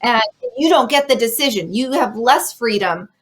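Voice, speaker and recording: Animated young woman hosting a talk show. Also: fairly high pitch, normal speed. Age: young adult. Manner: animated, ranting opinions. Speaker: podcast host. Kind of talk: casual interview chat.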